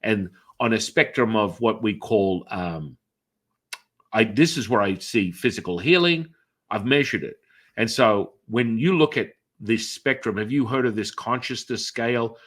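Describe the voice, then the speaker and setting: A middle-aged podcast host and energy healer speaks at a measured pace in a lowish voice, telling long, rambling stories in an interview. Fillers and restarts abound, and he animatedly performs others' reactions in shifted voices.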